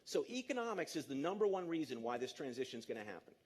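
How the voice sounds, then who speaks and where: A man in his fifties giving a lively, jokey conference talk to an audience in a large auditorium, coaxing the crowd along. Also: on the high side, fast. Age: 50s. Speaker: speaker.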